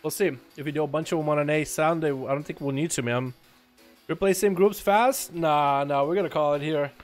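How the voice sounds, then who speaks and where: A man from Russia hosts a gaming livestream, calling each fight play by play and joking with his chat in loose slang. His voice sits high for a man, and faint music runs quietly underneath. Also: brisk. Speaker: livestream host and duel commentator. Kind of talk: live game commentary and chat talk.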